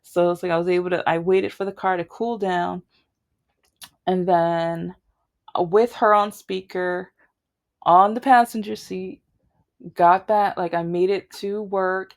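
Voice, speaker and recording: A woman vlogger telling a long personal grievance story in a casual, rambling way, with many restarts. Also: on the low side.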